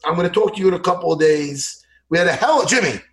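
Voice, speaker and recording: A man hosting a podcast in casual chat, excitable and animated, laughing often and acting out what others said. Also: high-pitched, fast. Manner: animated, excitable, laughs a lot, acts out impressions loudly. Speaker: podcast host.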